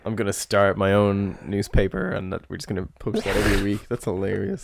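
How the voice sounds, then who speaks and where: A man's voice: on the low side, animated, fairly quick, gravelly, few pauses, no room sound. A man co-hosting a podcast in casual chat, joking with brief reactions. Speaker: podcast co-host.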